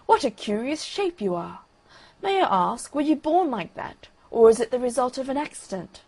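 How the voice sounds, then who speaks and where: A peaceable, gossipy duck lady chatters in a slightly raised, prim voice, as a woman reads her. Her voice is husky with a gravelly edge. She is a gentle storybook creature who never quarrels with anyone. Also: high voice, big pitch swings, normal speed, pitched above the performer's own voice, full character voice. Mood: chatty. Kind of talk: bedtime story reading.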